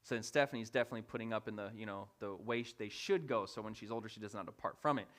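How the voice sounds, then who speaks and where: Preacher in his thirties, animated storyteller, bright and forceful voice. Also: on the low side, very fast. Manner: animated, laughing, acts out voices of his family. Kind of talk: storytelling sermon. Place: church sanctuary.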